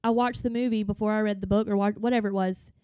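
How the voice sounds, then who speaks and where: A woman's voice: mid-range voice, steady tone, fast talker, warm tone, clear, resonant tone, no room sound, studio quality. A woman in her thirties with a light North Carolina accent, co-hosting a podcast in casual chat, rambling and laughing often. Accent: North Carolina Southern. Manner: giggly, rambling storyteller. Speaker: podcast co-host.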